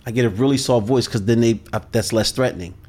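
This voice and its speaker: A man talking as a sales coach guest in a podcast interview, measured, deliberate and authoritative. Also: medium pitch, darkish tone.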